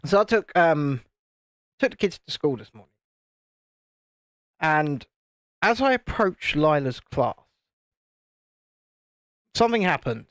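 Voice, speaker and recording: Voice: mid-range voice, very animated, slow pace, pauses often, no echo, studio quality. A British host chatting wryly with a live chat while building a model, teasing and joking. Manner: wry, teasing banter with the chat.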